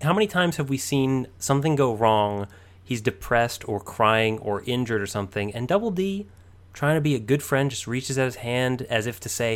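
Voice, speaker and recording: A man's voice: mid-range voice, lively intonation, normal speed. Chuckling man in casual podcast chat. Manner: laughs often, thoughtful. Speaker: podcast co-host. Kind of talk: casual chat analyzing a cartoon.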